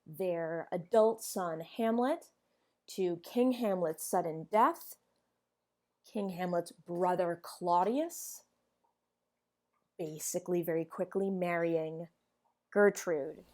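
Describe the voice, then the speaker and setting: A woman's voice: on the low side, slow pace, pauses often, a little mellow. Chatty woman explaining a play. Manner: chatty with sassy asides. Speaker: teacher. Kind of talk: casual explanatory lesson.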